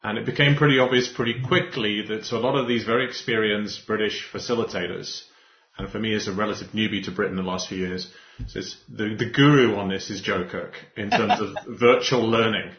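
A man's voice: fairly low pitch, fairly even intonation, brisk. A man hosting a podcast interview, rambling and restarting with frequent laughs. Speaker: podcast host. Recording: echoey, muffled remote audio.

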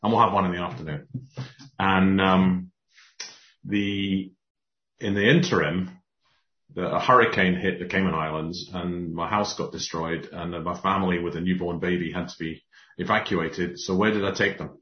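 A man with a very deep voice spins a story in casual conversation, restarting his sentences as he warms up. The sound is roomy and a little dull, like a remote call. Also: moderate pace. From Scotland. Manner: animated storyteller, many restarts. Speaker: podcast guest.

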